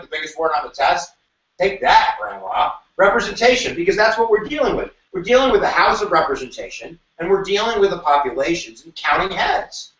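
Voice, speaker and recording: A man teaching a review lecture to a class, animated and jokey, with sudden shouts and quick asides. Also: high-pitched. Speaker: history teacher. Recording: echoey room, mic at a distance, dull sound.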